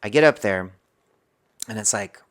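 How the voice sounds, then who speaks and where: A man's voice: on the low side, animated, moderate pace. A man as a podcast guest, telling a personal story and acting out his own inner dialogue.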